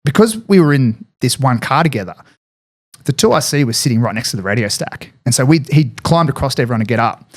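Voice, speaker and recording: A man's voice: mid-range voice, lively intonation. An Australian man, a podcast guest, telling a war story in casual chat and swearing freely. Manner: fast, swears freely, lots of fillers. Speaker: podcast guest, former paratrooper.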